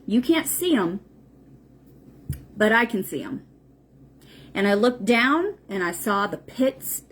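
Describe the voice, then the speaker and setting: A woman's voice: a little high, a little hiss or hum. A woman hosting a livestream, talking casually and bluntly, with frequent profanity and emphatic repetition. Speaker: spiritual livestream host. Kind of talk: casual unscripted livestream talk.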